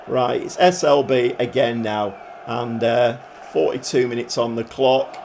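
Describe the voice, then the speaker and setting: A man giving casual, chatty play-by-play commentary on his football management game, with dry humour and swings between glum grumbling and excited cheering. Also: medium pitch, takes it slowly, vocal fry, a little hiss or hum. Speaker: gaming YouTuber.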